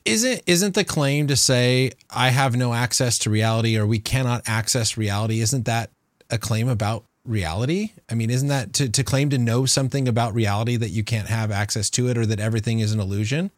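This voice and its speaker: A man's voice: mid-range voice, brisk, no echo. A male host with a mid-range voice, recorded dry and close. He reasons carefully and steadily, building his case through pointed rhetorical questions. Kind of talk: conversational discussion.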